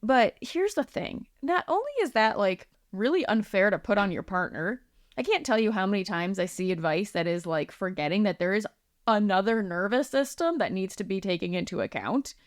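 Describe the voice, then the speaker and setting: Speaking at a normal pace with lively intonation, a woman with a medium pitch comes through clean studio audio free of room sound. It's a solo episode of her own podcast; she's a healing practitioner who chats casually, leans on lots of ums and likes, and dramatizes the quotes she relays.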